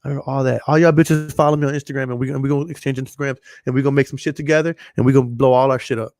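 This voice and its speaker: A man's voice: mid-range voice, fairly even intonation, rapid-fire, a little mellow. A man hosting a podcast, telling a long story in a rambling, profane way and repeating himself. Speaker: podcast host. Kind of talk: casual storytelling monologue.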